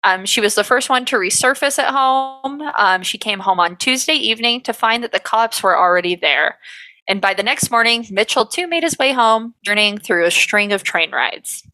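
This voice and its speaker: A woman's voice: on the high side, expressive, moderate pace, sharp tone, no echo. A young adult woman co-hosting a podcast, reading case notes aloud with fillers and little laughs. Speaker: podcast co-host.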